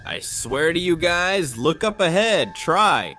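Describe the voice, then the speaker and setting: Excitable man narrating a survival game. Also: a little high, slow pace, few pauses, music in the background. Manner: excitable, jumpy play-by-play. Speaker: gaming channel host. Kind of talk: Minecraft survival commentary.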